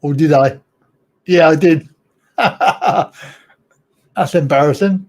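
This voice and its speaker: A man's voice: on the high side, drawn-out words, darkish tone. A man hosting a live online chat, rambling and chuckling as he reads out viewer comments and teases them. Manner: rambling, chuckling, self-correcting, teasing viewers. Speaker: host of a live chat show.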